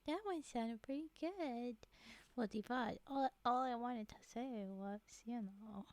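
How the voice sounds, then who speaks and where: A woman hosting a livestream in casual chat, giggling often and rambling, with frequent drops into a breathy whisper. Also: fairly high pitch, measured pace, noisy background. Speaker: livestream host.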